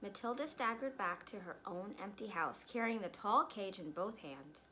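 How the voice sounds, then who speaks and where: Animated woman reading a children's book. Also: medium pitch, moderate pace, low-quality recording. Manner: explains words along the way. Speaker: reader. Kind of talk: storybook read-aloud for children.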